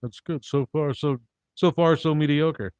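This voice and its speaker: A man doing live-streamed stand-up comedy, delivering wry, rambling one-liners in a deadpan manner. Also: fairly high pitch, unhurried, clean tone, no echo. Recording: dull dry lo-fi recording.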